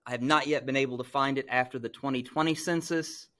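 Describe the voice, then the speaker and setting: A man's voice: medium pitch, steady tone, fast, a bit bright. Middle-aged man lecturing a class. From Missouri. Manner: conversational, with frequent "right?" check-ins. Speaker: teacher.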